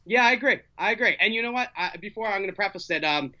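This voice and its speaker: A man hosting a casual sports talk show, playful and halting, with many fillers. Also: sits high, animated, sharp tone, muffled recording. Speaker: host.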